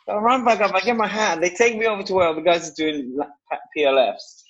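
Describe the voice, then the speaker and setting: A man, an actor guest, telling a lively anecdote in casual talk on a video call, swearing freely. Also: high voice, quick pace, dull audio. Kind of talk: casual storytelling.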